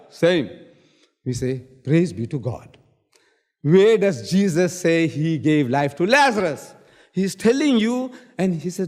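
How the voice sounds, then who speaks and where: A man in a public debate, quoting scripture and repeating key words for emphasis. His voice sits fairly high, and a long hall reverb trails after every phrase. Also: expressive, normal speed, a little mellow. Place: lecture hall.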